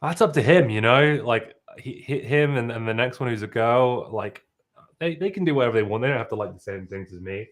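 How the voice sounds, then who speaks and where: A man's voice: mid-range voice, expressive, fairly quick. A young British man with a slight Australian twang, talking in a loose, chatty way. He laughs often and restarts his sentences. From United Kingdom. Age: 20s. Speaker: guest. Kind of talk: casual video chat.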